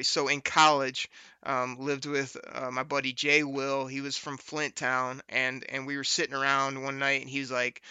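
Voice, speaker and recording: A man hosting a casual chat, upbeat and quick to laugh as he tells stories. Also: on the high side, pushed and bright, smooth, no room sound. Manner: laughs easily, upbeat storyteller. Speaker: host.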